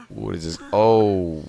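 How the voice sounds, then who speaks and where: Lowish male streamer, lively swings in pitch, talkative, laughs a lot, reacts out loud to the game. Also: vocal fry. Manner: chatty, laughs often, exclaims at the game. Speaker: streamer and host. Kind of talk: casual gameplay commentary.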